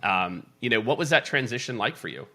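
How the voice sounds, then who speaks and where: A man's voice: mid-range voice, big pitch swings, a little fast, sharp tone. A man hosting a podcast, asking long, rambling questions with many restarts. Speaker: podcast host. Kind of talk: conversational interview.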